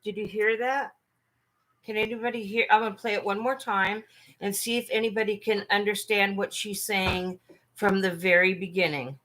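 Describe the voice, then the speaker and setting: A woman hosting a casual livestream chat, talking earnestly and haltingly with frequent restarts. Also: medium pitch, fairly even intonation, a bit bright. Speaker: livestream host.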